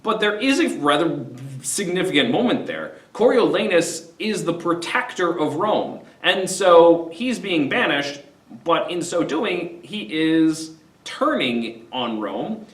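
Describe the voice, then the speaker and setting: A lively man gives a casual summary of a play. His voice sits a little high and rises and falls a lot, and he slips into voices for the scenes. The sound is roomy, as if the mic stands a few feet back. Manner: animated, retells scenes with voices. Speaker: literature discussion host. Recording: roomy echo, mic at a distance.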